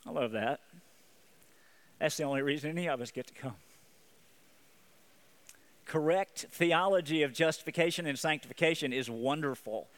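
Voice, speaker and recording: A man's voice: a little high, normal speed, long pauses, a bit bright. A man preaching a sermon as pastor, earnest, often repeating and restarting his phrases.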